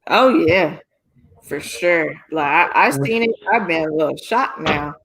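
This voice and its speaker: A podcast co-host in casual sports chat, with slow, drawn-out, animated reactions. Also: medium pitch, creaky, slightly rough.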